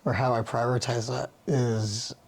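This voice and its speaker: A man's voice: mid-range voice, little pitch movement, unhurried, a little mellow, husky. A man talking as a podcast guest in a casual, reflective conversation, earnest and loose with slangy phrasing. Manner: earnest, musing, with easy laughs.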